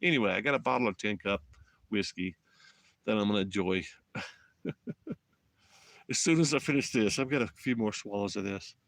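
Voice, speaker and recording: A man's voice: lowish voice, moderate pace, vocal fry, long pauses, fairly bright tone, dry recording. Rambling Southern man on a live stream. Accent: Southern US, Alabama. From Alabama. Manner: rambling, folksy, talks to viewers in chat. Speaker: motorcycle travel vlogger. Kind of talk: casual live-stream chat. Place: outdoors in the mountains. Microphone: phone.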